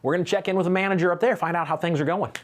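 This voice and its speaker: Hyped guy host pitching deals, bouncy voice, kinda high. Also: very fast. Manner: energetic, enthusiastic, lively swings in pitch. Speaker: livestream host. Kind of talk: promotional hosting.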